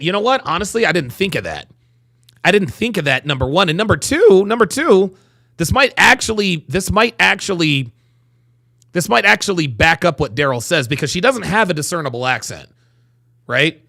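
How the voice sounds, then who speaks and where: A man hosting a livestream, reacting to a clip with loud, profane commentary. His voice swoops up and down and has a gravelly, bright edge. He stutters on phrases and drags out words to hammer his points home. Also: high voice. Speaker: host reacting to a video clip.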